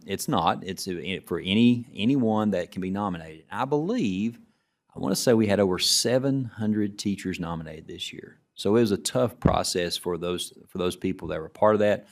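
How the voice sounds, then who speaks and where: A middle-aged man with a notably low voice gives presentation remarks as an education commissioner. He talks in a relaxed, anecdotal way, restarting phrases as he goes. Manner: relaxed storytelling, frequent restarts. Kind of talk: presentation remarks to a student council.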